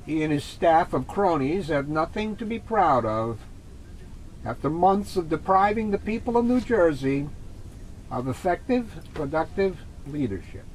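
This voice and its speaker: A man co-hosting a casual political chat, who slowly reads opinion pieces aloud. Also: fairly high pitch, very animated, a little hiss or hum, rough recording. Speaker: co-host.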